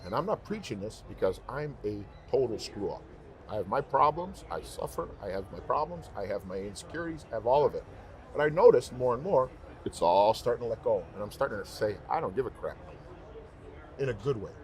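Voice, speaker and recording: In a medium-pitched voice and at a slightly quick pace, a professional singer chats in a casual interview. He is animated and sincere as he tells stories, stressing points by repeating them.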